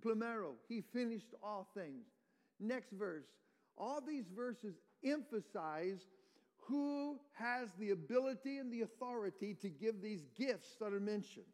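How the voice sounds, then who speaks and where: Pastor, male, high voice, teaching sermon with questions to the pews, long church reverb. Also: animated, unhurried, a little mellow. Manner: explains verse by verse, quizzes the congregation. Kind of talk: expository sermon.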